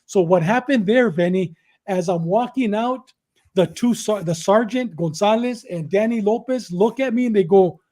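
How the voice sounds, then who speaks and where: A man in his sixties from Southern California, a guest telling conversational stories and acting out the dialogue, often repeating and restarting phrases. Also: sits high. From Southern California, USA. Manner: animated, acts out dialogue in quick back-and-forth. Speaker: podcast guest, former correctional officer. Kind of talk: conversational storytelling.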